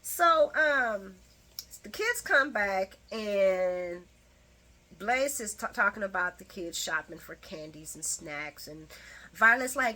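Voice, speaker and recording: A woman's voice: mid-range voice, lively intonation, slow pace, bright, forceful tone. A woman recapping a soap opera episode in casual chat, full of sassy asides and frequent laughter.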